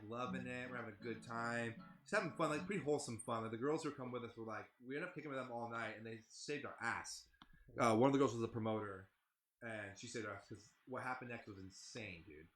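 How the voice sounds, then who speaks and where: A man's voice: mid-range voice, quick pace, a bit bright, reverberant. A man telling a rambling, profane story in casual chat, with a lot of "like". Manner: rambling, heavy swearing, lots of "like". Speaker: band member telling a tour story.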